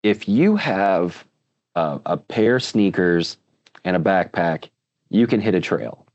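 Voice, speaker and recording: A man's voice: sits low, lively intonation, takes it slowly, a little mellow, dull audio. A man speaking as a guest in a casual interview, earnest and full of restarts. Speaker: podcast guest, author.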